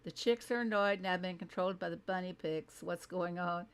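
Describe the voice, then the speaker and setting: A woman's voice: fairly low pitch, brisk, clear, resonant tone. A woman with a Southern American twang hosts a casual reaction commentary, chatting along and laughing at her own asides. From Southern United States. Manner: chatty, laughs often, self-deprecating asides. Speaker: host.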